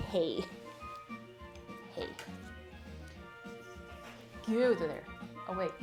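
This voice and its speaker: A woman chatting casually and playfully while baking on a live stream, rambling and chuckling as she goes. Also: on the high side.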